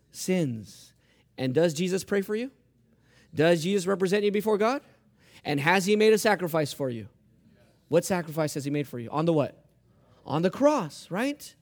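A man preaching a sermon as pastor, asking the congregation questions and answering them, swinging between hushed asides and loud emphatic repetition. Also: high-pitched, lively intonation, moderate pace, long pauses. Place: church.

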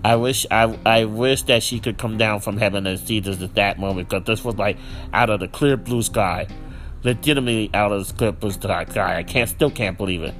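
A man hosting a casual solo podcast, rambling with many fillers and restarts, lively and quick to laugh. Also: lowish voice, soft background music. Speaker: podcast host.

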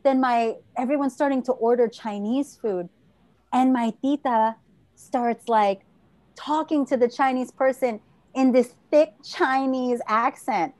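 A woman's voice: sits high, measured pace, darkish tone. A woman from a Filipino family raised in the United States, telling stories in casual chat, full of laughs and filler "like"s. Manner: laughing storyteller, many filler "like"s.

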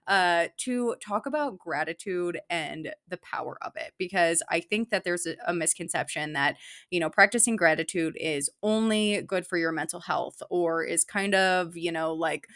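A woman's voice: fairly low pitch, moderate pace, gravelly, a bit bright, dry recording, clean studio sound. A woman hosting her own podcast as an online fitness coach, talking in a chatty, upbeat way with casual fillers. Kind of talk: solo podcast talk.

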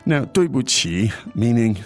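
A man hosting a language lesson who explains phrases patiently, in an animated, chatty way. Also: medium pitch, unhurried, soft background music.

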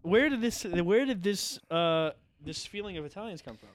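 Dry, teasing man, slightly high voice. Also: expressive, normal speed. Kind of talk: casual chat.

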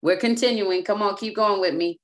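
A woman's voice: mid-range voice, brisk. A woman preaching a sermon as apostle and teacher, speaking emphatically and often repeating and restarting words.

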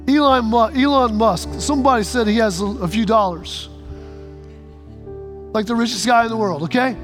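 High-voiced preacher. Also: male voice, normal speed, long pauses, music in the background. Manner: emphatic, repeating phrases, stammering restarts. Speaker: pastor. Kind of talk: sermon.

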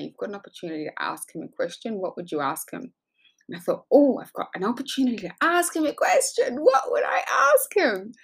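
A woman with a lowish, gravelly voice tells a motivational story. She speaks effusively and animatedly, acting out both sides of each exchange as a coach.

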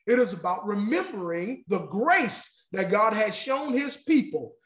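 Male preacher, very high voice, emphatic, repetitive, echoey room. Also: big pitch swings, a little slow, a bit bright. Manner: emphatic, repetitive, addresses the congregation. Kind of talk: sermon.

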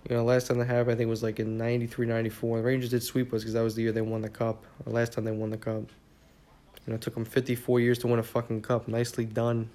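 A young man from the New York area talks alone on his podcast in a tired, mid-pitched voice. His delivery stays flat and monotone while he rambles, swears freely and leans on fillers. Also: fast. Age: young adult. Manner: rambling, profane, many fillers. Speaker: podcast host. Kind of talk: casual solo podcast monologue.

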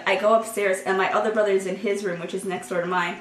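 A young woman, a podcast co-host telling a story to friends in a lively way, laughing often and acting out her own thoughts. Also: medium pitch, quick pace, slight background noise. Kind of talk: casual storytelling among friends. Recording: roomy echo.

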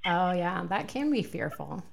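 A woman's voice: fairly low pitch, expressive, unhurried, creaky. A middle-aged woman hosting a casual family podcast, chatty, laughing often and asking questions. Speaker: podcast host.

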